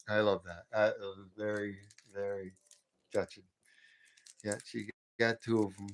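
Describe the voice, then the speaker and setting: Middle-aged male stream host, low folksy voice, relaxed chatter to viewers. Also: gravelly. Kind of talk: casual live stream chat.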